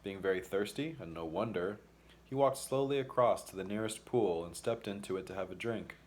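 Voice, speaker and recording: A man with a fairly low voice reading a children's fantasy story aloud. His narration is expressive and measured, with a steady storytelling rhythm. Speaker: audiobook reader. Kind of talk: audiobook narration.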